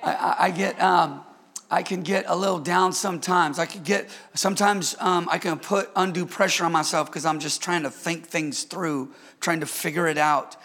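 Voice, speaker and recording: Gravelly high-voiced preacher in a hall. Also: male voice, steady tone, normal speed, a bit bright. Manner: emphatic preaching with repetitions and audience call-outs. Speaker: pastor. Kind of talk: sermon.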